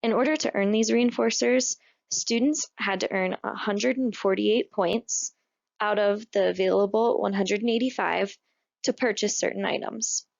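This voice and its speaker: A woman narrates course material in a measured, explanatory manner. Her voice has a gravelly, fry-laden edge, and the recording sounds dull and lo-fi. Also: mid-range voice, fairly even intonation. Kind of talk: scripted narration. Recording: dull, lo-fi voice-over.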